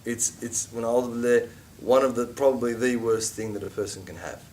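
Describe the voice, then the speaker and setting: A middle-aged man teaching an informal religious class, chatty and animated, with asides and mock quotes. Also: mid-range voice, a little fast, far from the mic.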